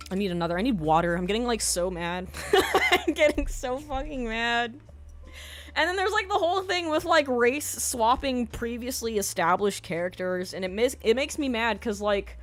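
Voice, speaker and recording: A woman's voice: on the high side, expressive, moderate pace. A young woman streamer ranting on a live stream. She swears constantly and fills her talk with ums. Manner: profane, escalating rant with frequent ums.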